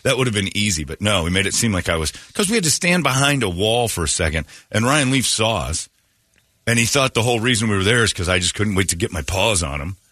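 A male radio host rambling through stories in loose conversation. His voice sits low but has a bright, forward edge, and it is recorded dry and close. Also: lively intonation, quick pace, no echo. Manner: rambling anecdotes, acts out quoted lines. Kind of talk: casual storytelling chat.

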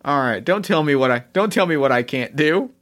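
A man running a tabletop game as game master, relaxed and joking with a player. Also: fairly high pitch, brisk. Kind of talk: casual tabletop game chat.

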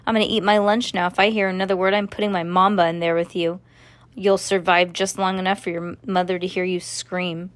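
A woman's voice: on the low side, level tone, a little fast, no echo, lightly acted. A woman reading aloud and voicing a bossy woman guard who barks threats. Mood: menacing. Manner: loud, threatening.

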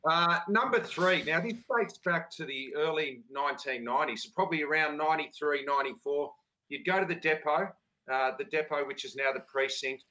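Bright-voiced Australian man telling stories. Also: fairly high pitch, moderate pace, poor audio. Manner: storytelling, enthusiastic, laid-back. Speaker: podcast host. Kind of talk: casual chat.

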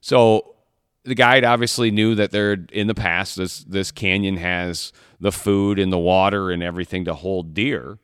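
A man's voice: low-pitched, fairly even intonation, moderate pace, fairly bright tone, clean tone, no echo, studio quality. A man from Michigan telling a hunting story in a casual podcast chat, rambling and restarting his sentences often. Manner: rambling, repeats words, many restarts. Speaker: podcast co-host, hunter.

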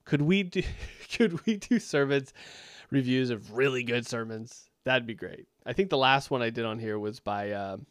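A man's voice: medium pitch, normal speed, clear, resonant tone, dry recording, studio quality. A man reviewing a sermon in a sarcastic, incredulous and rambling way. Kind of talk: critical commentary.

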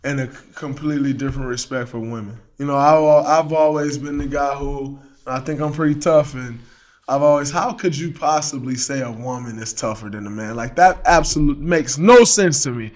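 A man in casual chat, telling stories with animated energy and acting out his own shouts. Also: mid-range voice, normal speed. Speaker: guest, pro athlete.

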